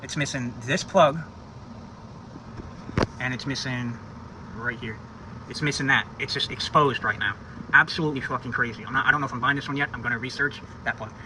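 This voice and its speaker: A car vlogger mutters his thoughts and swears liberally as he works on his vehicle in the driveway at home, in a laid-back repair video. His mid-range voice moves fairly quickly but pauses often, over a noisy background.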